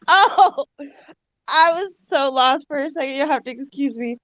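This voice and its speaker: A woman in a casual online group voice call, giggly and quick with short quips. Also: high voice, lively intonation, fairly bright tone, no echo.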